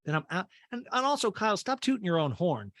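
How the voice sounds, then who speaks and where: A man hosts a comedy recap podcast, tossing out swear words and laughing at his own jokes. His pitch leaps all over the place as he mocks the cast. The sound is close and dry, with no room echo. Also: big pitch swings, fast talker, a bit bright. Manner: campy, acts out cast members in high mocking voices. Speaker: podcast host.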